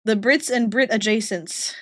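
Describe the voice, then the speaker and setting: A woman streamer chatting casually with her viewers, giggling often and reacting warmly to their messages. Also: medium pitch, normal speed, dry recording, studio quality. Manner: giggly and chatty, talks to chat.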